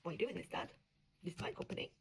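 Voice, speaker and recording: An indignant young businesswoman, voiced by a woman, swearing in protest and sounding breathy and half-whispered. She is defending her own work. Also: racing, a little hiss or hum, natural voice. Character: outraged young businesswoman heroine.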